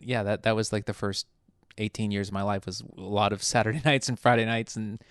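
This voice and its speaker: A man's voice: lowish voice, steady tone, brisk, clear, resonant tone, no room sound, clean studio sound. A man with a General American accent, a television writer and guest, telling his story in a thoughtful, reflective way. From United States. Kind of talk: casual interview.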